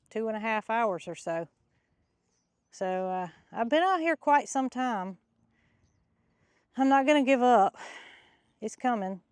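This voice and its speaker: A woman in middle age talks to her viewers as she walks outdoors with a cow, excited and slightly winded. Her voice sits fairly high, and the sound is close and dry. She rambles casually and eagerly. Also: clean tone, dry recording. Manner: chatty and excitable, talking to viewers. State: slightly out of breath. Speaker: farm vlogger. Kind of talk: casual vlog narration. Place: outdoors in a pasture.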